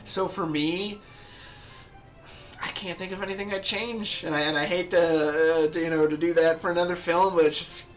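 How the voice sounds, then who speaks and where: Faint music plays behind a man whose slightly high voice holds a steady tone at a moderate pace. Hosting a podcast, he gushes casually about a favorite film and keeps quoting its lines in little voices.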